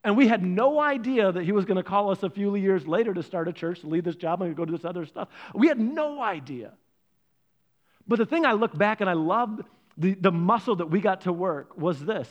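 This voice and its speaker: A man's voice: sits high, dull audio. A middle-aged man pastor preaching a sermon with energy, leaning on emphasis and repetition.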